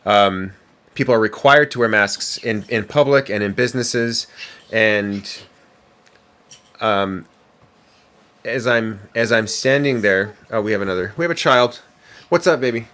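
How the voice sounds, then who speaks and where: A man's voice: lowish voice, unhurried, pauses often, a bit bright. A man co-hosting a parenting podcast, chatting casually and rambling with lots of fillers and restarts. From United States. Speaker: podcast co-host. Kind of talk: casual chat.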